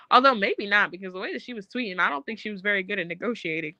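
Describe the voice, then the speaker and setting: A woman's voice: medium pitch, lively intonation, racing, hardly any pauses, sharp tone, dry recording, rough recording. A young woman co-hosting a casual chat, blunt, profane and joking. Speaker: podcast co-host.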